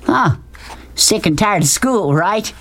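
Man putting on a brash bully, hollering and hooting, high pushy voice, folksy drawl. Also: expressive, slow pace, a bit bright, a little hiss or hum, exaggerated voice. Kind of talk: audiobook character reading.

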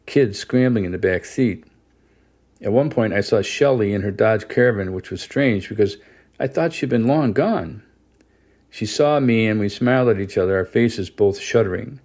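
A man reading a first-person novel aloud as an audiobook narrator, steady and measured. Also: fairly low pitch. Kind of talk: scripted narration.

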